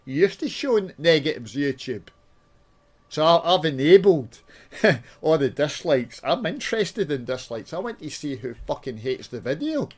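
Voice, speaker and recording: A man's voice: fairly high pitch, very animated, moderate pace. Swearing Scottish man ranting while playing. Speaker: YouTuber. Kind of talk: casual gaming chat with swearing.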